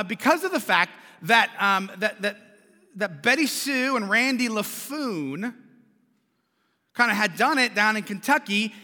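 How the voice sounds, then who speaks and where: A man's voice: extremely high pitch, sharp tone. A man preaching a sermon as pastor, talking in a conversational way with repeated words and questions to the congregation, in a large church. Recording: long church reverb.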